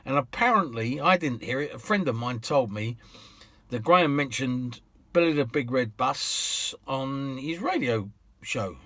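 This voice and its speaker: Chatty British cab driver telling stories. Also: male voice, mid-range voice, expressive, unhurried, a bit bright, dry recording. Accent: British English. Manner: chatty, rambling, with restarts and laughs. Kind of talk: casual anecdote storytelling.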